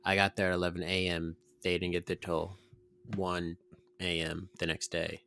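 A man's voice: low voice, flat delivery, moderate pace, gravelly, pushed and bright, dry recording. A man co-hosting a podcast, telling rambling, self-deprecating stories in casual chat. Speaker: podcast co-host.

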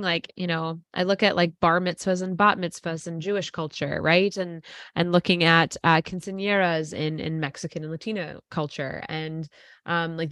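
A woman's voice: sits low, a bit bright, dry recording. A young Canadian woman chatting casually on a podcast, tired and yawning, rambling with lots of fillers and restarts. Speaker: co-host, school educator.

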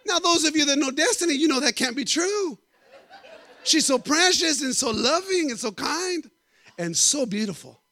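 High-voiced preacher telling stories. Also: male voice, moderate pace. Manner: animated, joking with the congregation. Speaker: guest preacher. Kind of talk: storytelling sermon.

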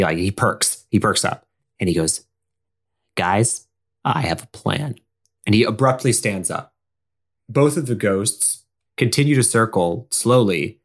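A man playing a tabletop role-playing game, narrating his character's actions in a casual, rambling way. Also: medium pitch. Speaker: player.

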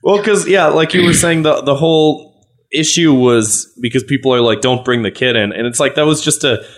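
A man's voice: on the high side, moderate pace. A man co-hosting a podcast, rambling loosely with profanity in casual banter. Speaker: podcast co-host.

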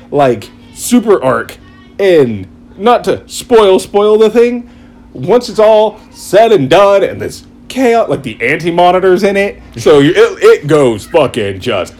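Man, casual chatter, excited rambling storyteller who swears and acts out quotes; mid pitch, faint background hiss. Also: a little slow. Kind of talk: casual chat.

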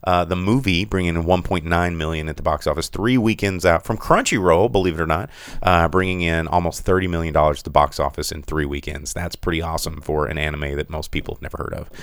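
A man's voice: sits low, steady tone, quick pace, no room sound, studio quality. A man co-hosting a podcast in casual chat, running through numbers with frequent self-corrections and fillers. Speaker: podcast co-host.

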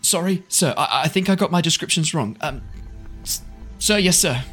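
A man's voice: on the high side, lively intonation, moderate pace, a bit bright, faint music behind, pitched above the performer's own voice. A man voicing a flustered young male guard who stammers and answers in panicky yes-sirs.

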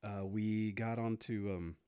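A man's voice: steady tone, takes it slowly, warm tone, clear, resonant tone, no room sound, studio quality. A young man co-hosting a podcast, telling stories with jokes and mimicking people in a raised voice. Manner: joking storyteller, mimics people in higher voices. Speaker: podcast co-host. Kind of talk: casual chat.

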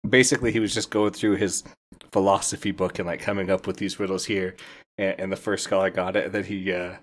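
Deep-voiced man chatting about a book. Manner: chatty, laughs at the story, quotes characters. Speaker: book podcast host. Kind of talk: casual spoiler book review.

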